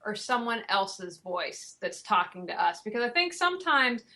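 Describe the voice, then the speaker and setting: A woman's voice: mid-range voice, big pitch swings, moderate pace, pushed and bright. A woman hosting an interview, asking thoughtful, probing questions and searching for her words as she goes. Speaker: interviewer host.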